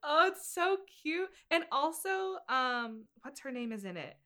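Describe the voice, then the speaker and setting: Bright, bubbly young woman. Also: sits high, sing-song, measured pace. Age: late 20s. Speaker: podcast co-host. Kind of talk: casual chat.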